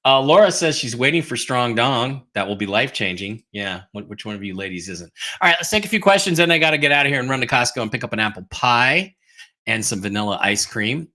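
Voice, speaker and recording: Man, livestream host, bright tone, rambling, casual, many fillers. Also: mid-range voice, lively intonation, fast talker. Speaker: host of an online news livestream. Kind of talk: casual livestream chat reading viewer comments.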